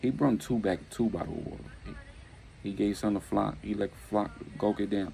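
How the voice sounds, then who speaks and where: A man with a low, gravelly voice spins a rough street tale in casual, slang-heavy talk. He moves quickly between narration and quoted dialogue, over a faint background hiss. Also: warm tone, rough recording. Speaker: storyteller.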